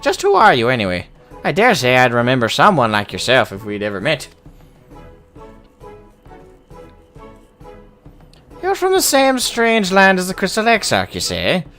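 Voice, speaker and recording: A man's voice: wildly swooping pitch, moderate pace, faint music behind. A man doing a blustering old dwarf hunter. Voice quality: high, exaggerated brogue-like voice. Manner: hearty, blustering, loud greetings. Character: boisterous old male dwarf hunter, gruff.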